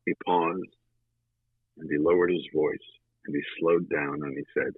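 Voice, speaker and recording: A man guesting on an interview show, telling a story in a lively conversational way with dramatic pauses. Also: a bass voice, breathy edge, dry recording. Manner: animated, with dramatic pauses and fillers. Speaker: guest, audiobook narrator. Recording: tinny phone-like line.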